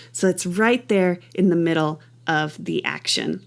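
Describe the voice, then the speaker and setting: A woman's voice: fairly low pitch, normal speed, vocal fry, few pauses. A middle-aged woman teaching a movement class with enthusiasm, counting beats and making playful rhythmic sounds. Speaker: dance teacher.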